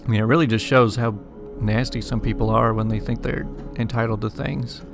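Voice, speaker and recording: Guy reading reddit stories out loud, gravelly voice, quiet music behind. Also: medium pitch, steady tone, fairly quick. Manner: casual, stops to comment and apologize for the text. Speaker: story reader and YouTuber. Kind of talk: reading online stories with commentary.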